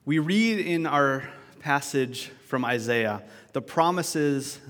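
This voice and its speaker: Male pastor, reflective and conversational, average pitch, recorded with long reverb in a church sanctuary. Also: slow, fairly bright tone. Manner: conversational and reflective, with restarts and asides. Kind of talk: sermon.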